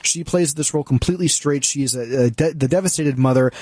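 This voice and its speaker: A man's voice: mid-range voice, fast, a little mellow, dry recording, studio quality. A man co-hosting a casual movie review discussion, opinionated and conversational, with frequent fillers and restarts. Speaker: film critic co-host.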